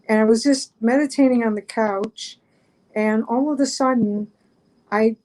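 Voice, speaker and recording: A woman's voice: a little high, mellow, rough recording. A middle-aged woman, a guest on an online chat show, telling a story casually, rambling with many fillers and restarts.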